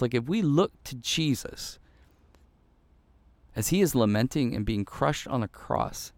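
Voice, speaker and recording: A man preaching a devotional sermon in an earnest way, repeating phrases for emphasis and dropping to a hushed voice when quoting prayer. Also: medium pitch, lively intonation, moderate pace, no room sound. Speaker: pastor.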